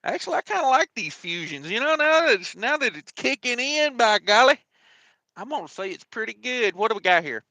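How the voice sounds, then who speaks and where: A man's voice: sits high, big pitch swings, moderate pace, sharp tone, no room sound. A man hosting a casual trucking livestream, rambling and joking with lots of fillers. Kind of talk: casual live-stream chat.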